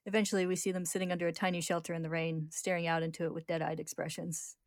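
A woman narrating an episode recap as podcast host, lively and often laughing. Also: fairly low pitch, fast, dry recording, studio quality.

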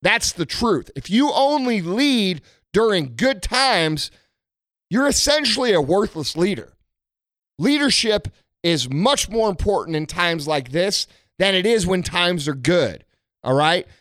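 A man's voice: high voice, big pitch swings, a little slow, a bit bright, no room sound, clean studio sound. A man from the United States delivering a blunt, profane motivational rant about tough leadership. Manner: blunt, aggressive, heavy swearing. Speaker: motivational speaker.

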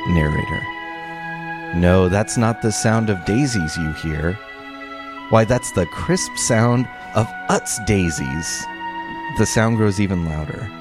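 A man reading a mock radio commercial aloud, stage directions and all, in a hushed and dramatic way. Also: low voice. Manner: hushed, dramatic, drawn-out storytelling.

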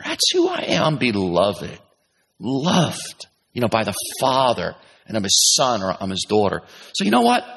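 A middle-aged man preaching a sermon with animated delivery, moving from loud, high emphasis to low, quiet asides as he acts out his listeners' thoughts. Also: moderate pace, vocal fry. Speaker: pastor.

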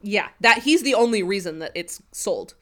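A woman's voice: mid-range voice, animated, moderate pace. A woman in casual podcast chat, recapping an episode and acting out characters' lines as she retells scenes. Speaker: podcast co-host.

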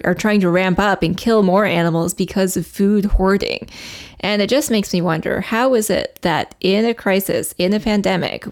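A woman co-hosts a podcast and explains news items in conversation. She sounds earnest and thoughtful, with an ordinary mid-range pitch and a few everyday fillers. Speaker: podcast co-host. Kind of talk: casual podcast chat.

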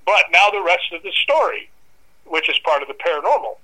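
A man's voice: sits high, a little fast, rough recording. A man telling a dramatic personal anecdote in an interview, acting out voices and growls as he goes. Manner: lively, acts out voices and dog growls. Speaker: guest storyteller.

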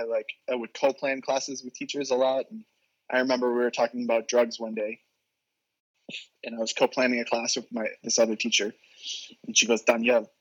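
Bright-voiced young man telling a story. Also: mid-range voice, rough recording. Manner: laughs often, animated storytelling with quoted voices. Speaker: guest. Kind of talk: casual podcast storytelling.

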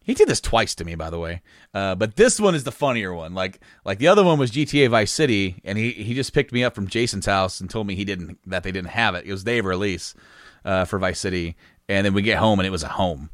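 A man in his thirties telling childhood stories in casual chat, laughing often and putting on high voices for quotes. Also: fast talker, no echo, clean studio sound. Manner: animated, laughs often, jumps into high squeaky voices when quoting himself.

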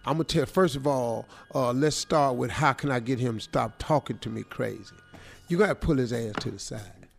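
A man's voice: mid-range voice, normal speed, creaky, soft background music. A man hosting a morning radio show, giving advice in a casual, slangy, joking way. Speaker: radio host.

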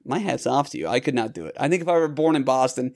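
A man's voice: mid-range voice, big pitch swings, fast talker, darkish tone. A man hosting a podcast, talking casually in a rambling, self-correcting way. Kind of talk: casual chat.

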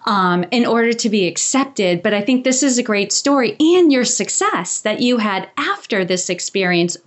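A woman's voice: fairly high pitch, animated, normal speed. A woman hosting an interview, affirming her guest in a casual chat style with plenty of fillers. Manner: warm and affirming, with frequent fillers. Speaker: podcast host.

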